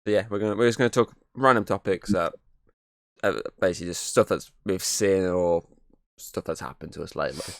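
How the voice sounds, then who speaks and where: A man's voice: low-pitched, a little fast, no room sound, studio quality. A man hosting a podcast, telling rambling stories in casual chat and swearing freely. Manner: rambling, sweary, repeats "obviously". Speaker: podcast host.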